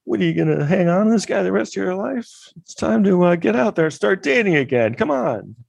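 A man's voice: high voice, sing-song, brisk, vocal fry, a little mellow, breathy edge, dry recording, pitched above the performer's own voice, full character voice. A man putting on the voice of a brusque older male flight commander who is dismissive and impatient, in a mocking, exaggerated way.

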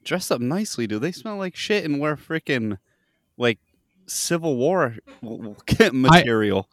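A man's voice: medium pitch, animated, measured pace, fairly bright tone, dry recording, studio quality. Crude, joking man on a podcast. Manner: crude, profane joking, says "dude" a lot. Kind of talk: casual podcast chat.

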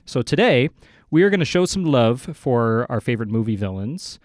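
A young man co-hosts a comedy podcast in a sarcastic, teasing way. He often sinks into a low mutter. His mid-pitched voice sits close and dry on the microphone, with no room sound. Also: big pitch swings, normal speed, darkish tone, no echo. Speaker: podcast co-host. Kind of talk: casual comedy podcast banter.

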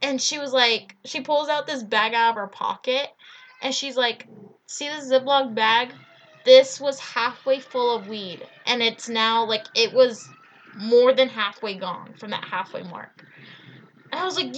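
A woman's voice: on the high side, a little slow, a little hiss or hum. A young woman co-hosting a podcast, telling a funny story in a casual, giggly way, full of "like". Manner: giggly, animated, lots of "like". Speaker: podcast co-host.

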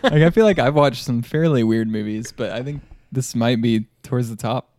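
A man in casual podcast chat, quipping briefly and lively. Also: medium pitch, normal speed, dry recording.

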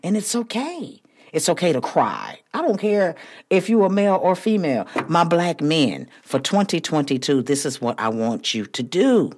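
A woman hosting a motivational podcast, talking in a preachy, emphatic way that swells to near-shouting. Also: sing-song, normal speed. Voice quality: husky, low voice. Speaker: podcast host.

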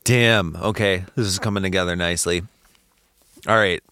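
A man co-hosting a casual podcast, relaxed and agreeable, sketching out scenes as he talks. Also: deep voice, normal speed, clear, resonant tone, no echo, clean studio sound. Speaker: podcast co-host.

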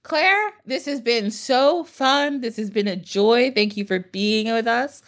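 A woman hosting a podcast, telling a story in a casual, animated way, laughing and swearing casually. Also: on the high side, slow pace. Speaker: podcast host.

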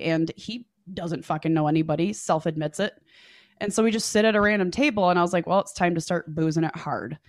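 A young woman on a podcast telling a dating story, animated and profane, acting out what people said. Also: lowish voice, no echo, clean studio sound. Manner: animated, swears freely, acts out quotes. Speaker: podcast guest. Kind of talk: casual storytelling chat.

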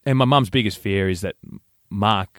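Aussie guy telling a yarn on a podcast, dry close mic, gets animated and does voices. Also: on the low side, moderate pace, no echo. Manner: animated, acts out voices in stories. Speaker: podcast co-host. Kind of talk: casual storytelling.

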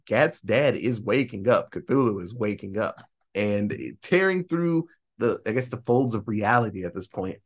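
A man hosting a podcast, casually recapping a horror film and acting out the characters' lines. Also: mid-range voice. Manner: animated storytelling, acting out quoted lines. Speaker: podcast host.

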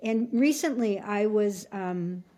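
A middle-aged woman from Alaska, a podcast guest telling her story in a casual, halting way with many restarts. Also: mid-range voice, animated, warm tone. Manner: halting, full of restarts and fillers. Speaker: podcast guest, shamanic teacher.

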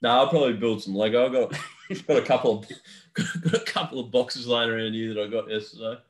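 A man's voice: mid-range voice, fairly even intonation, fairly quick. A young man co-hosting a casual podcast chat, telling stories while laughing and swearing freely. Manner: laughing storyteller, swears a lot. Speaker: podcast co-host.

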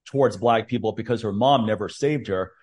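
A man's voice: lowish voice, brisk, darkish tone, a little hiss or hum. A man hosting a podcast, talking candidly and rambling, with frequent swearing and restarts. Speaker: podcast host. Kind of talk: casual podcast chat.

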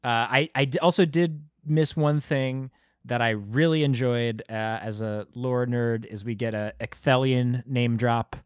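A man co-hosting a casual podcast, retelling film scenes with lively quoted voices. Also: mid-range voice, unhurried, smooth, no echo, studio quality. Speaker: podcast co-host. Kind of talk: casual film review chat.

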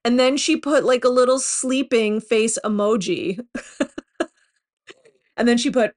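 A woman's voice: mid-range voice, unhurried. A woman hosting a podcast, chatting casually about reality TV gossip with lots of fillers. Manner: chatty and animated, many fillers, laughs at own jokes. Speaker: podcast host.

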